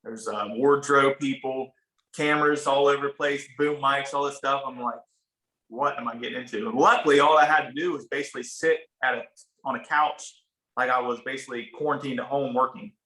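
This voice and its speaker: A man's voice: medium pitch, fairly even intonation, fairly quick, pushed and bright. A man in his thirties from a small town in Ohio, with a rural Ohio accent, telling a story in laid-back casual talk, swearing now and then and acting out what people said. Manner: laid-back, swears, acts out quoted dialogue. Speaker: podcast guest, barber. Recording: roomy echoey room.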